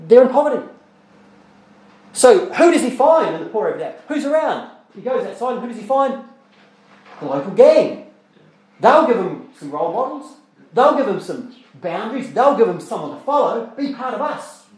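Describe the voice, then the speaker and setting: A man's voice: high voice, very animated, moderate pace, darkish tone, echoey room, rough recording. A man preaching a sermon as pastor, talking conversationally with rhetorical questions and repeated words, and reading scripture aloud in old-style English. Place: church.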